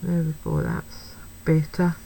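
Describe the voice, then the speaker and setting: A woman's voice: deep voice, flat delivery, slow pace, creaky, dark tone, a little hiss or hum, low-quality recording. A woman chatting through a card-making tutorial, thinking aloud as she works and making light of her own slips. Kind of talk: craft tutorial, talking while working.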